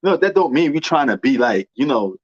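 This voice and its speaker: A man with a New York accent rambles in casual chat, tossing in slang and fillers. His voice sits at an average pitch. The sound is dry and a bit muffled. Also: sing-song, fairly quick, breathy edge, no room sound. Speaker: movie commentator.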